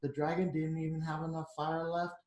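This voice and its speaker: A man reading a picture book aloud to children, pausing for chatty asides. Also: fairly high pitch, little pitch movement, a little mellow, echoey room. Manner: chatty, adds asides to the kids.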